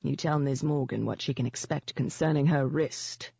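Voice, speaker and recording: A reader voicing a disapproving older male witch healer in an audiobook, curt and gruff. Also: mid-range voice, moderate pace, mellow, no room sound. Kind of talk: audiobook character voice. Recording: dull, dry lo-fi audio.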